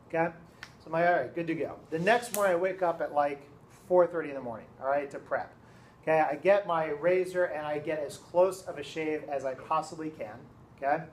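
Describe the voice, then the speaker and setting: A man, a teacher, telling a story to his students in a classroom, casual and animated, often checking in with "okay?". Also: on the high side, a little hiss or hum.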